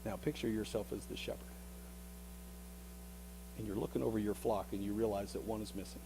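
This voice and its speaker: A male pastor preaching a sermon as a vivid story, often repeating words and dropping into hushed tones. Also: fairly low pitch, fairly even intonation, a little fast, vocal fry, noisy background.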